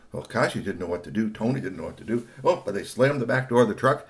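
A man telling a children's story aloud, swooping between hushed asides and excited bursts. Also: fairly low pitch, fast, hardly any pauses.

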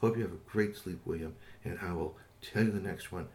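A man telling an improvised bedtime story to a child, relaxed and unscripted. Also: low-pitched, a little fast, a little hiss or hum.

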